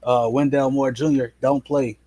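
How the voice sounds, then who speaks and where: A man's voice: mid-range voice, little pitch movement, moderate pace, dark tone. Slangy man in casual sports banter. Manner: slangy, sarcastic, stammering restarts. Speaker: podcast co-host.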